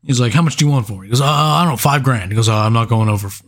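A man with an average-pitched voice riffing on a film with a friend. He laughs easily and swears a lot as he retells favorite scenes. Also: rapid-fire. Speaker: podcast co-host. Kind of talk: casual movie review chat.

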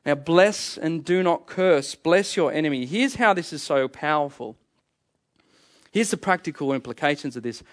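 A man's voice: on the high side, animated, normal speed. A middle-aged man preaching a sermon, emphatic and fond of repeating key phrases. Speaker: pastor.

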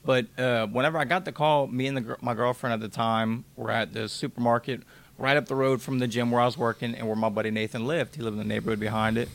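A man's voice: medium pitch, steady tone, fast, gravelly. A man in his twenties, a podcast guest, candidly recounting a hard time in blunt, emotional, casual speech with some swearing. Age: 20s. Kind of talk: candid interview storytelling.

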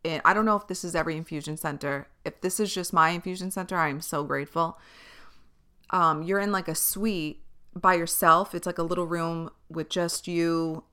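A young woman hosting a podcast, chatting candidly about her day, swearing freely and getting animated as she retells it. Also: mid-range voice, clean tone. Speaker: podcast host. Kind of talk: casual chat.

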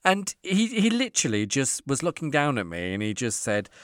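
A man's voice: mid-range voice, sing-song, a little fast, few pauses, dry recording, studio quality. A man telling a candid story in casual chat, acting out the dialogue of the people in it. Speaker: guest storyteller.

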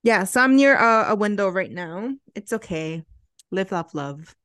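A young woman from Chicago co-hosts a casual podcast from her apartment. She tells stories with lots of energy and swears freely. She slips into quick impressions of the people she describes. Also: medium pitch, clean tone. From Chicago area. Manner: animated storyteller, swears freely, acts out quoted people. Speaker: podcast co-host. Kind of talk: casual chat. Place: apartment near a window.

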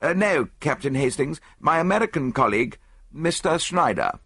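A man's voice: fairly high pitch, expressive, moderate pace, fairly bright tone, husky, no room sound, pitched above the performer's own voice, heavily acted. A male narrator voices a grave, steadfast British museum expert who speaks politely and formally, in a raised voice above his own.

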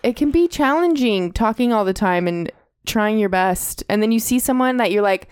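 A woman's voice: mid-range voice, animated, moderate pace, smooth, no echo, studio quality. A woman co-hosting a podcast in a small recording room, chatting casually and laughing often. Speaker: podcast co-host. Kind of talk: casual chat.

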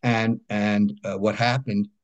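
A man with a New York accent, a guest telling lively anecdotes in a casual interview and often checking in with "right?". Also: on the low side, slow, highs cut off. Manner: animated anecdotes, frequent "right?" check-ins. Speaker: guest, comic book creator.

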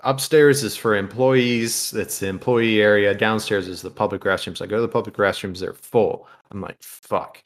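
A man with a low voice tells rowdy personal stories on a podcast. He swears freely and laughs as he talks. The delivery is loose and casual. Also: steady tone, moderate pace, few pauses. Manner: crude, profane, laughing while telling. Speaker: podcast co-host. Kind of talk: casual storytelling.

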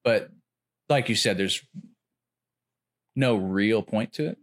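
A man chatting casually about comedy, rambling with lots of filler words and getting animated when he retells jokes. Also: fairly low pitch, slow. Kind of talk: casual chat.

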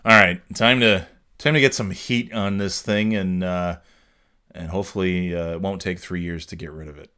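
A man's voice: deep voice, steady tone, moderate pace, sharp tone, clean tone. A man hosting a solo podcast, ranting in a rambling, profane way with frequent restarts. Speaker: podcast host. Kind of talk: casual solo podcast monologue.

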